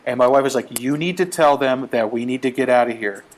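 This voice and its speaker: Guy spinning a funny travel story, acts out the quotes, mid-pitch voice. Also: a little fast. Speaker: guest storyteller. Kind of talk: casual storytelling.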